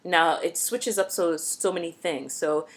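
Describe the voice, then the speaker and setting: A woman vlogger giving a casual, expressive recap of a TV episode, chatty and blunt. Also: on the low side, a little slow.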